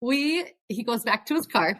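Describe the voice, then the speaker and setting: A chatty guest from South Dakota trades a road story with her podcast host, chiming in with quick asides. Her voice sits a bit high and swoops animatedly as she talks. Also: lively intonation, a bit bright. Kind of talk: casual storytelling chat.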